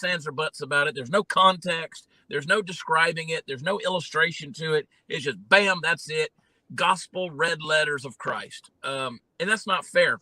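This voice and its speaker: Folksy Southern man, bright dry voice. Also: on the high side, no room sound, low-quality recording. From Georgia, US. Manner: folksy, animated storytelling with many fillers. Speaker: guest, comedian and candidate. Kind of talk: casual interview talk.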